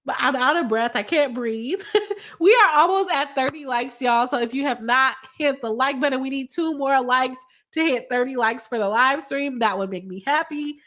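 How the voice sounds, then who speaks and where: This woman is a lawyer chatting through a live stream, reading out comments from viewers in a bright, forceful tone at a moderate pace. Her pitch is a bit high, she laughs frequently, and she coughs now and then from a cold.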